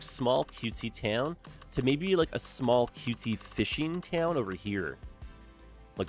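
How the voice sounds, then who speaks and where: Chatty man streaming a game. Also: on the low side. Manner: chatty and upbeat, lots of "like" and "eh?". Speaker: streamer playing a city-building game. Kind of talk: casual live-stream commentary.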